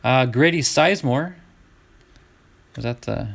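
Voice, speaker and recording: A middle-aged man hosts a live baseball card break, chatting casually with his viewers while sorting cards. His gravelly, mid-range voice moves at a slightly slow pace.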